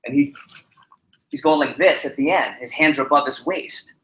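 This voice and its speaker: Guy teaching public speaking to a crowd, bright sharp voice, lots of room echo, jumps around in speed and pitch. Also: moderate pace. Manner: animated, varies speed and pitch to demonstrate points. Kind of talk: energetic presentation to a live group. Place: meeting room with a live audience. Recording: roomy echoey hall.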